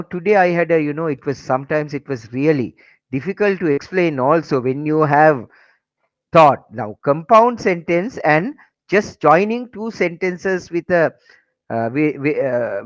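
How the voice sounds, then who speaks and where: A man's voice: a little high, expressive, a little slow, no echo, muffled recording. A man teaching an online English class, switching between Sinhala and English and repeating key phrases. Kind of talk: online lesson.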